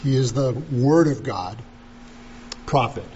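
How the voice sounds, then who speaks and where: A man preaching a sermon as pastor, deliberate and emphatic, repeating key phrases. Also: medium pitch, animated, darkish tone, muffled recording, slight background noise.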